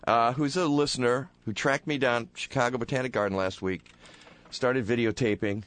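A man hosting a radio talk show, hoarse and playful, joking with his co-host and callers in the studio. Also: mid-range voice, fairly even intonation, normal speed, a bit bright. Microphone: studio microphone.

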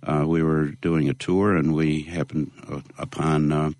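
A man being interviewed, speaking in a measured way with many pauses and fillers. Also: rumbling low, flat delivery, darkish tone, no room sound. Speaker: interview guest, local activist. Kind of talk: conversational interview.

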